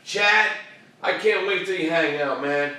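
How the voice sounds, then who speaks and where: A high-pitched, bright-voiced man hosts a motivational show, preaching hard with slang and repetition. He sounds set back from the mic in a very echoey room, with faint ambience underneath. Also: measured pace, far from the mic. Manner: animated, preachy, streetwise slang, repeats phrases for emphasis. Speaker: show host. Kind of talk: motivational talk show rant.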